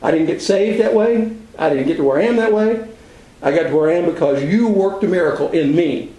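A man's voice: a little high, fairly quick, mellow, echoey room, rough recording. An older man teaching a Bible class, telling self-deprecating stories in a folksy, conversational sermon.

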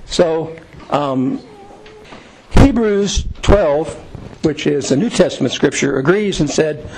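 A man's voice: fairly high pitch, animated, slow, a little mellow, a little hiss or hum, rough recording. A man leading an informal Bible study, reading verses aloud and then explaining them in plain conversational words. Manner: reads scripture aloud then paraphrases it conversationally. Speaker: Bible teacher.

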